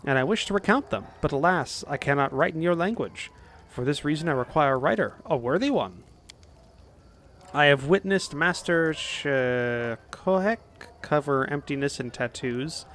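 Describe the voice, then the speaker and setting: A man's voice: mid-range voice, fairly bright tone, slight background noise, natural voice. A man voicing a flowery female foreign traveler in a video game, reading her ornate lines in his own voice. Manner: ornate, solemn phrasing.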